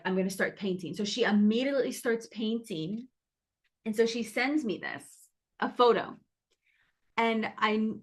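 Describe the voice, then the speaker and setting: A woman's voice: mid-range voice, a bit bright. A woman who founded a cacao brand, casually and earnestly sharing a spiritual story with her online community from a hotel room, full of "like"s and restarts. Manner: earnest, emotional, many "like"s and restarts.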